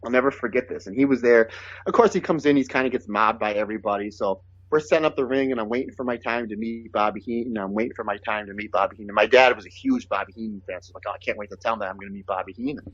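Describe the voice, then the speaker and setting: A man's voice: mid-range voice, quick pace, dry recording. Man telling stories, muffled audio. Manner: animated, quotes others in his stories. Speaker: guest, pro wrestler. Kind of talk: casual storytelling.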